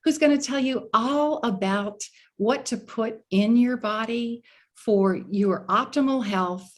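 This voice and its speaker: A woman's voice: medium pitch, a little mellow. A woman from the USA hosting an online wellness summit, introducing her guest with eager enthusiasm over a video call. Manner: enthusiastic, gushing. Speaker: summit host, life coach.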